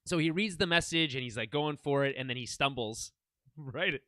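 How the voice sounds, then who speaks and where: A man co-hosting a casual recap podcast, animated and laughing often, swearing now and then. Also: fairly high pitch, moderate pace, no echo, clean studio sound. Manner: animated, laughs often, quotes characters in asides. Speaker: podcast co-host.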